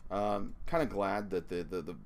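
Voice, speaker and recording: Man, very deep voice, rambling relaxed vlog talk, lots of fillers, pipe in his mouth at times. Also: normal speed, slight background noise. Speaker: pipe tobacco reviewer. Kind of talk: casual hobby vlog, thinking aloud. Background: ceiling fan.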